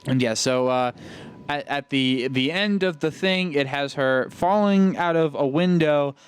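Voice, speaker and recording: A man's voice: on the high side, unhurried, slight background noise. A man in his twenties casually retelling a film's plot on a podcast, rambling with many fillers and restarts. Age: 20s. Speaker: podcast co-host. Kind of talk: casual movie recap chat.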